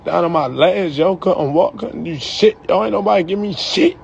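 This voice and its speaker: A man's voice: high-pitched, moderate pace, gravelly, dull audio, a little hiss or hum. A young man in a heated, profane rant to the camera, ending his lines with "yo". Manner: profane, heated, repeats "yo" at line ends.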